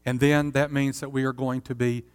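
A man preaching a sermon as pastor, earnest and steady, often asking his listeners rhetorical questions. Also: mid-range voice, normal speed, clear, resonant tone, long reverb tail.

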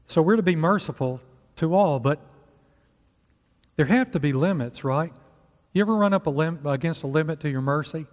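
A man's voice: on the high side, expressive, normal speed, pauses often. A male pastor preaching a sermon in a conversational way, asking the congregation rhetorical questions. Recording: long hall reverb.

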